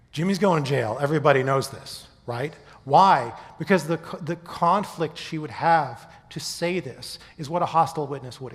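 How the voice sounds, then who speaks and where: A man gives a conversational lecture, his fairly high voice carrying through a hall with a long reverb tail. He keeps checking in with the audience as he explains each point. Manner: conversational lecturer, often checks in with "okay?" and "right?". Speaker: speaker giving a talk on faith and history. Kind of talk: presentation to a live audience.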